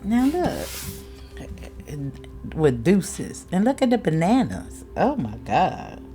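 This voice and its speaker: Lively, low-voiced woman reading tarot. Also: takes it slowly, soft background music. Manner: chatty, frank, swears freely, laughs often. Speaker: tarot reader. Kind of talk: casual tarot reading commentary.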